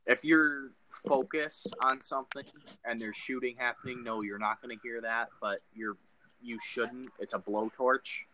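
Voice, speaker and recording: A man in casual gaming chat, measured and hesitant with frequent ums. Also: medium pitch, fairly even intonation, sharp tone, slight background noise, poor audio.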